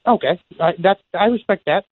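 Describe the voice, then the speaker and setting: Heated New Jersey caller on a tinny phone line. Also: male voice, sits high, normal speed, breathy edge, dry recording. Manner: insistent, heated. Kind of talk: call-in to sports radio.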